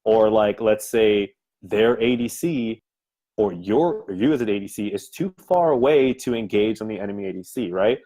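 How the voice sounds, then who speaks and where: Low-voiced man rambling through a question. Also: lively intonation, normal speed, warm tone, poor audio. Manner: rambling, filler-heavy questioning. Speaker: podcast co-host. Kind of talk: casual gaming podcast talk.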